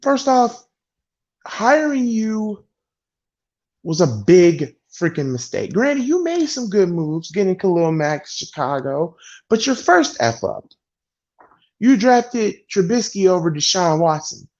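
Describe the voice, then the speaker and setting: A man's voice: high-pitched, very animated, slow, a little mellow. A man ranting bluntly and with exasperation as a sports vlogger venting about his football team. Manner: exasperated, blunt, heavy sighing. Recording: dull lo-fi sound.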